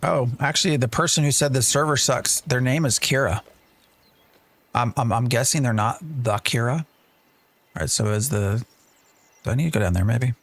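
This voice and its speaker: A man's voice: mid-range voice, normal speed, pauses often. A man streaming a game live, chatting and thinking aloud as he plays and answering his chat. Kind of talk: live gameplay commentary.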